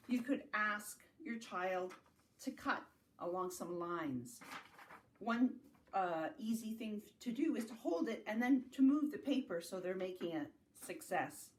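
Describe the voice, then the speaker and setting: A woman from Canada leading a virtual family literacy circle, singing rhymes and talking gently and encouragingly to young children. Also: fairly high pitch, a little hiss or hum. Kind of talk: virtual circle-time lesson with songs and rhymes. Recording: distant mic in an echoey room.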